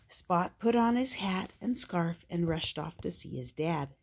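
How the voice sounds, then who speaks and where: An older woman reading a children's picture book aloud, gentle and expressive. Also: fairly low pitch, a little slow, hardly any pauses, husky. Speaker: storyteller.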